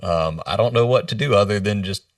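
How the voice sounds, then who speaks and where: A man who is a leadership coach, telling a personal story in a podcast interview in an earnest, halting way, often quoting others. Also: on the low side, no echo, studio quality, far from the mic. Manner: earnest, halting retelling with quoted dialogue. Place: remote video call.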